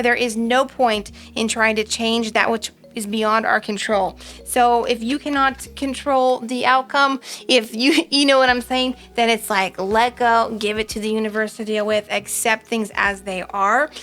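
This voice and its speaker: A woman's voice: fairly high pitch, pushed and bright. A woman doing a casual pick-a-card tarot reading, chatty and rambling, with frequent ums. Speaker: tarot reader.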